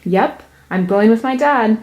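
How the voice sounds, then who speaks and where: A woman's voice: a little high, expressive, a little slow, highs cut off. An earnest, shy young village boy from a storybook, as a woman reading aloud puts him on. The voice is raised and childlike, with a sincere, eager manner.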